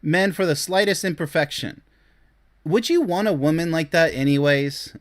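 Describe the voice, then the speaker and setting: A man's voice: a little high, normal speed. Blunt, scornful male relationship commentator. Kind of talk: reaction commentary on read-out posts.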